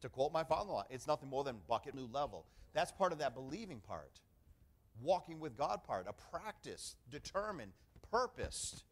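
A man's voice: mid-range voice, big pitch swings, moderate pace. A middle-aged man preaching a sermon as pastor, emphatic and conversational, often calling for an "amen" from the congregation.

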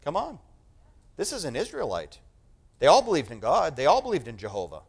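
A male preacher delivering a sermon, emphatic and animated, repeating phrases for effect. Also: a little high, a little fast, vocal fry, husky.

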